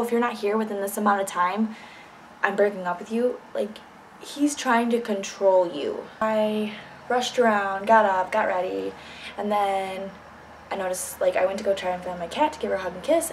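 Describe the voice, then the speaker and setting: A woman's voice: fairly high pitch, a little hiss or hum, low-quality recording. A young woman telling a personal story in a casual vlog, blunt and candid, swearing freely. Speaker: vlogger.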